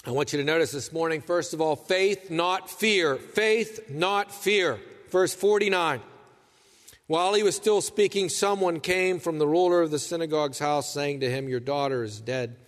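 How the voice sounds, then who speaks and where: A man's voice: on the high side, normal speed, big-room sound. A man preaching a sermon, reading scripture and voicing anguished questions with earnest intensity. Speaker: pastor.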